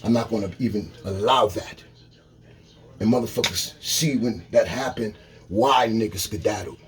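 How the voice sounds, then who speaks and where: A man delivering a blunt, profane rant to camera, shifting between loud emphasis and low, muttered remarks. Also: normal speed.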